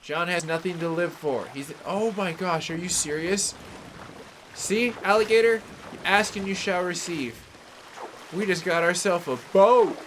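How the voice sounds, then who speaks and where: Pitched high and a touch bright, his voice moves at an ordinary pace with a faint hiss or hum behind it. The speaker is a gaming streamer from the San Francisco Bay Area who rambles through casual live commentary and welcomes viewers in chat by name.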